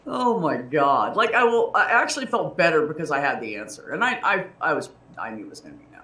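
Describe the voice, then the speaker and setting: A man's voice: a little high, sing-song, fast, sharp tone. A man telling a personal story in casual chat, candid and emotional, rambling with restarts and laughs. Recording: roomy, distant mic.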